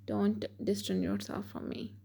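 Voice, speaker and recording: Remorseful cold young man, pleading softly, read by a woman; husky, mellow. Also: medium pitch, animated, a little slow, full character voice. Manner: soft, apologetic pleading.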